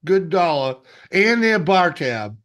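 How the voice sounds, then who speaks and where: A man's voice: high-pitched, very animated, slow pace, a bit bright. A man chatting casually as co-host, with blunt, profane remarks. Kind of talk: casual chat.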